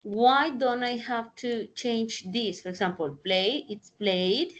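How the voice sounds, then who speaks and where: A woman teaching an English grammar lesson over a video call, explaining slowly and deliberately. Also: fairly high pitch, fairly even intonation, muffled recording, slight background noise. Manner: slow, deliberate explanations with Spanish translations. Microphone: computer mic in a video call.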